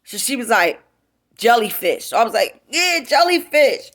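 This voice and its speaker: A woman's voice: mid-range voice, normal speed. A woman tells a casual, profane storytime to her viewers at home. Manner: profane, chatty, talks straight to viewers. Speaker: vlogger. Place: home, indoors.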